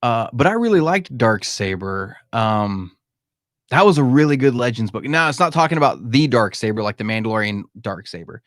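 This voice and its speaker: A man's voice: mid-range voice, sing-song, normal speed, a bit bright, no room sound, clean studio sound. A man hosting a live-stream Q&A from his home, talking candidly and emphatically and calling listeners "man". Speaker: podcast host. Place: home room.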